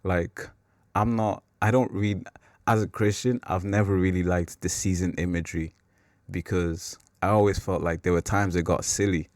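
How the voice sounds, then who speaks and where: A man with a very low voice hosts a faith podcast in a relaxed, wandering way. He leans on "like" a lot and laughs at his own slips. The sound is close and dry. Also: normal speed, dry recording. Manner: rambling and self-mocking, with filler "like". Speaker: podcast host. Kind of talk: casual faith talk.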